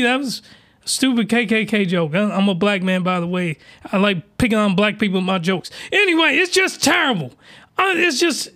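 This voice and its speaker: A man hosting a podcast, giving crude, animated reaction commentary that often rises into excited yelling. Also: high voice. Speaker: podcast host.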